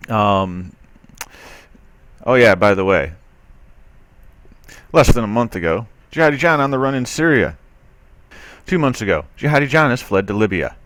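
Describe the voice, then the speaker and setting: A man's voice: on the low side, expressive, moderate pace, long pauses, a bit bright, no echo. A man reading a news article aloud and commenting on it, skeptical and sarcastic, with loose talk full of fillers. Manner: loose, with frequent fillers and restarts. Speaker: commentary video host.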